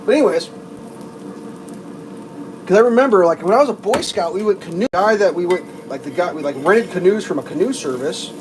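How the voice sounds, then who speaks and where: A man's voice: high voice, lively intonation, brisk, pauses often, background noise. Rambling, profane man on a livestream. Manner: rambling, profane storytelling with quoted voices. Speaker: livestream host. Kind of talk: casual live-stream chat.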